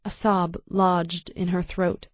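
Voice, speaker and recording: A woman narrating an audiobook in a calm, measured way. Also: lowish voice, no echo, dull audio. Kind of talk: scripted narration.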